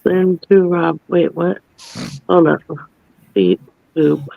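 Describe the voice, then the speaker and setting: A woman's voice: fairly low pitch, expressive, slow, gravelly, no room sound, phone-quality sound, faint music behind. A woman in a casual live stream chat, laid-back and answering with short reactions.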